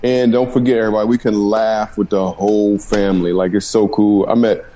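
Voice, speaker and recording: A man guest chatting casually, rambling with quick jokes and asides. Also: fairly low pitch, flat delivery, warm tone. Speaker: comedian guest. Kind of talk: casual chat.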